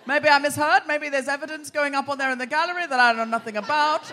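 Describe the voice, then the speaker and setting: A woman's voice: sits high, brisk, pushed and bright. An Australian woman hosting a live comedy podcast on a theatre stage, teasing and bantering with the audience. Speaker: podcast host. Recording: live theatre with crowd and faint noise.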